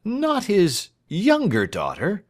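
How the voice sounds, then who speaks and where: A man voicing a dry, shrewd, whimsical male lawyer who is quick with pointed questions. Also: medium pitch, sing-song, voice pushed up. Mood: alarmed.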